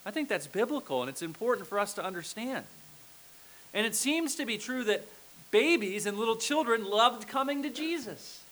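A man's voice: high-pitched, expressive, normal speed, fairly bright tone, poor audio. A male pastor preaching a sermon in a conversational way, often checking in with the congregation. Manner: conversational, checks in with "okay?" and "right?".

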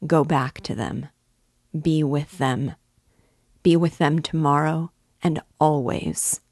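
A woman voicing a brooding, feverish young man who speaks slowly and gravely. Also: low voice, steady tone, darkish tone, no room sound, clean studio sound, full character voice.

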